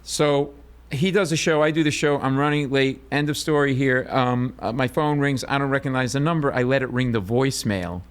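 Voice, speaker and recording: Excitable man telling a story. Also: mid-range voice, fairly quick, clear, resonant tone. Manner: excitable, acts out voices, bursts into shouts. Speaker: stand-up comedian and podcast host, interview guest. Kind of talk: animated storytelling.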